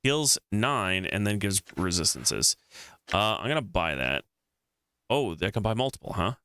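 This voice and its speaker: A man's voice: lowish voice, very animated, a little slow, bright, forceful tone, smooth, no echo, studio quality. A man streaming a game, casually thinking aloud and reading the text on screen.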